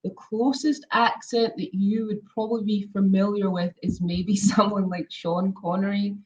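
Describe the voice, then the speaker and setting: A woman's voice: mid-range voice, level tone, moderate pace, darkish tone. A woman from Scotland with an Edinburgh Scottish accent, a guest in a casual interview, chatty with many ums. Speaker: guest, former model. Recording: dull lo-fi audio.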